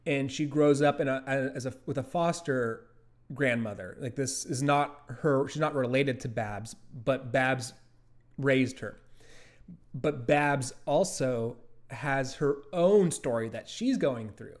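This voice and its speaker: A man's voice: medium pitch, slow. Man chatting loosely as an interview guest. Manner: rambling, with many fillers and restarts. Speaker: creator of an animated series, interview guest. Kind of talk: casual interview talk.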